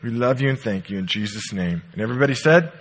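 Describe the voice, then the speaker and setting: A middle-aged man preaching a sermon as pastor, emphatic and swinging from loud declarations to soft, quiet asides. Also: mid-range voice, animated, fast talker, very noisy. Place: church sanctuary.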